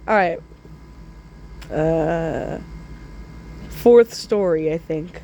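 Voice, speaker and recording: A woman telling absurd comic stories in a drawling way, with sudden loud squealing outbursts. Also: mid-range voice, steady tone, normal speed, long pauses, lo-fi sound. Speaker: storyteller. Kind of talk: absurd comedic storytime.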